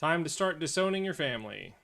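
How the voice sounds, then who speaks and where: Bright-voiced man ranting over news. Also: on the high side, sing-song, a little fast, vocal fry. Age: adult, has children. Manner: profane, swings from angry rants to weary mutters. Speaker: streamer reacting to news. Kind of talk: casual live commentary.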